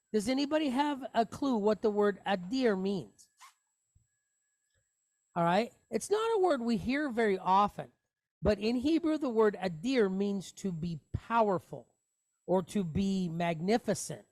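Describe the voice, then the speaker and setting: A woman's voice: medium pitch, no room sound. A woman teaching a Hebrew lesson to a class, explaining patiently step by step and often checking that everyone follows.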